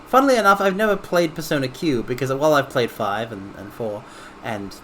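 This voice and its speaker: A man streaming a video game, rambling casually and breaking into quick exclamations. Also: medium pitch, animated, a bit bright, a little hiss or hum. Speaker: livestreamer playing a video game. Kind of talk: casual gameplay commentary.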